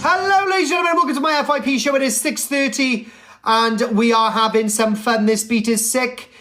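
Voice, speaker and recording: A man's voice: very high voice, fairly even intonation, fairly quick, sharp tone. A man hosting a casual live stream, chatty and cheeky, calling his viewers darling. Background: music.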